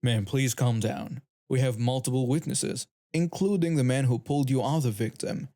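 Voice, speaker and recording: A man voicing a stern, measured male police officer. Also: medium pitch, dark tone, close to an everyday voice.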